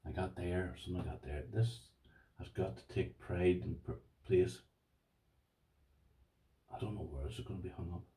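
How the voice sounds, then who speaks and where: A man's voice: deep voice, fairly even intonation, normal speed, pauses often, dark tone, distant mic. A man with an Irish accent chatting casually on his vlog, gushing and repeating himself as he talks to his viewers. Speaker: lockpicking vlogger. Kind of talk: casual excited unboxing chat.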